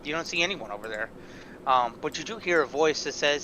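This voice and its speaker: A man's voice: fairly high pitch, lively intonation, a little fast, pushed and bright, a little hiss or hum, low-quality recording. A man narrating as game master of a tabletop game, descriptive and rambling with frequent fillers.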